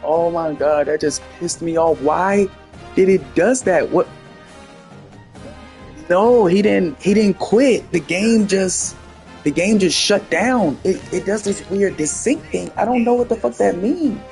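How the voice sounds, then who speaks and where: A man streaming a football video game, talking casually and profanely to his chat, swinging between loud outbursts and low muttering. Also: measured pace, gravelly. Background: game music.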